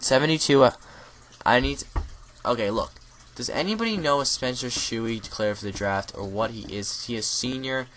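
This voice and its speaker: A man's voice: lowish voice, fairly bright tone. Young man rattling off draft picks. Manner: rapid-fire list reading with asides and self-corrections. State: losing his voice. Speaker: mock draft creator. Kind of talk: casual solo commentary reading picks.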